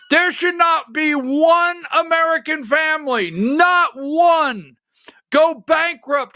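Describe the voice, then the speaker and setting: A middle-aged man hosting a political commentary livestream, ranting with fiery profanity and shouted outbursts. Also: very high-pitched, no echo, studio quality. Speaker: political commentary show host.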